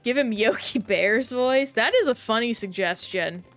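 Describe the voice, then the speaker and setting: A woman's voice: on the high side, lively intonation, normal speed, fairly bright tone, soft background music. A woman streaming a game, chatting casually and rambling while reacting to play and chat.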